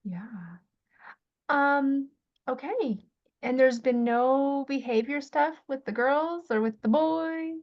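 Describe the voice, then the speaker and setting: A woman working as a parenting coach, giving gentle, thoughtful advice on a video call. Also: high-pitched, slow, dull audio.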